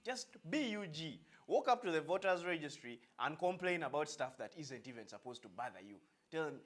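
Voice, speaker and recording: Animated Ugandan man doing satirical news. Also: fairly high pitch, fairly quick, hardly any pauses. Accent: Ugandan English. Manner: sarcastic, deadpan mock-serious delivery. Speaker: satirical news segment host.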